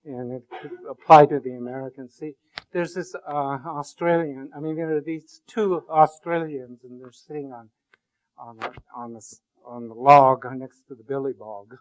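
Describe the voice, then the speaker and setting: A male university lecturer giving a classroom lecture, rambling and joking with many halting restarts. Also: mid-range voice, steady tone, rough recording.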